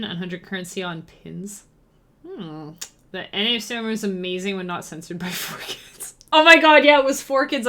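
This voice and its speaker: A woman with a bright, forceful voice, chatting away on a live stream while she composes chiptune music. She rambles casually, reads her chat out loud and hums little melody ideas as she works. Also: medium pitch.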